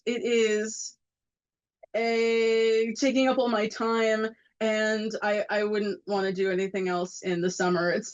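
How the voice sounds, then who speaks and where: A woman's voice: fairly high pitch, lo-fi sound. A young woman co-hosting a college radio show, chatting in an upbeat, playful way from the studio. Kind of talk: casual radio chat.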